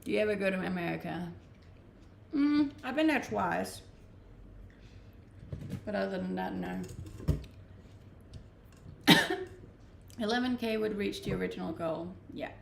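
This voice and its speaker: A young woman from Denmark who speaks English with a Danish accent, chatting casually as a livestreamer and answering viewer messages in a relaxed way, laughing often. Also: mid-range voice, unhurried, vocal fry, long pauses. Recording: echoey room with faint ambient noise.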